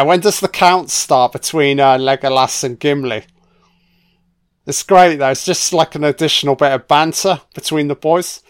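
A man giving an excitable, profanity-laced casual commentary on a film, talking back at the characters on screen. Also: a little high, clean tone. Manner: excitable, swears a lot, talks to the screen. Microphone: home microphone, audio only.

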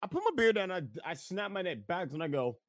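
Animated, laughing male podcast storyteller. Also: sits high, fairly quick, no echo, studio quality. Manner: animated, laughing, acts out quoted lines. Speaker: podcast co-host. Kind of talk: casual storytelling chat.

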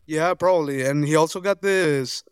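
A man's voice: fairly high pitch, moderate pace, clear, resonant tone, dry recording, studio quality. A man co-hosting a podcast in casual chat, telling kitchen stories with lots of laughter and acted-out quotes. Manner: laughing storyteller, acts out quotes. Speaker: podcast co-host.

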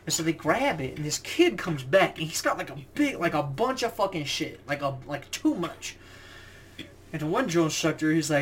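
A young man with a slightly raised pitch chats casually on a podcast. He tells stories with lots of swearing and acts out the voices of the people he quotes. A faint hiss runs under the recording. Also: normal speed, a bit bright. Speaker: podcast co-host. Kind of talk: casual chat, storytelling.

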